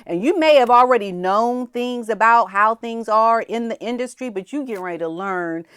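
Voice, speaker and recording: Animated high-voiced woman commentator. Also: normal speed, clear, resonant tone, dry recording, studio quality. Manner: animated, laughing, acting out quotes. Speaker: commentary channel host. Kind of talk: casual commentary.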